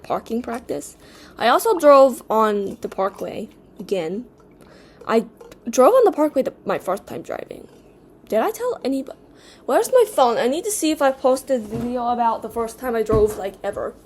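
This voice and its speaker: A woman from the United States chatting casually at home in a rambling, distracted vlog, clearing her throat now and then and slipping into an odd put-on accent. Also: on the high side. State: occasional coughing and throat clearing. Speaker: vlogger.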